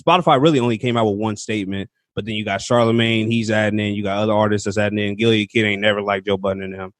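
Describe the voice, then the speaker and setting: A man's voice: on the low side, steady tone, fast talker, dry recording. Laid-back young man co-hosting a podcast. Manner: laid-back slang-heavy talk with filler ums. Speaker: podcast co-host. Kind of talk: casual chat.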